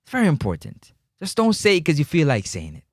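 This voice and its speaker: A man hosting a live call-in football show, teasing and animated in his street slang. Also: on the high side, fast talker, no room sound, clean studio sound. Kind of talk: casual live sports talk.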